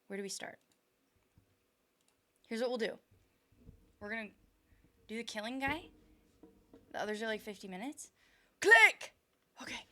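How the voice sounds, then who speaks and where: A woman streamer chatting casually as she reacts to and comments on clips. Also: medium pitch. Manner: bursts into excited fast talk.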